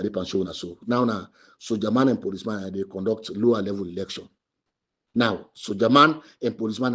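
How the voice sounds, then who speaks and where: A man with a Sierra Leonean Krio English accent gives impassioned political commentary as a party spokesman, repeating his points and pushing his voice up into near shouts. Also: fairly low pitch, slightly rough. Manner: emphatic, repetitive, rising to shouts.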